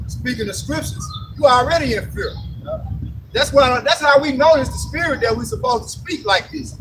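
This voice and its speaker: A man with a very high voice preaches on the street in a blunt, emphatic way. He is picked up from a distance, with clear traffic noise behind him. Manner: forceful, blunt, cussing, emphatic.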